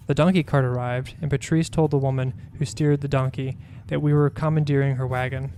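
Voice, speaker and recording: A man, a podcast host, reading his own memoir aloud in a measured, even storytelling manner. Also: mid-range voice, smooth.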